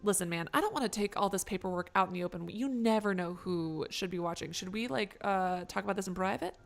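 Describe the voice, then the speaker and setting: A woman voicing a smooth-talking vampire character in a life-sim game, pitching a shady business deal. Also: fast talker, soft background music, lightly acted. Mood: persuasive. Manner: persuasive salesy pitch with hesitant fillers.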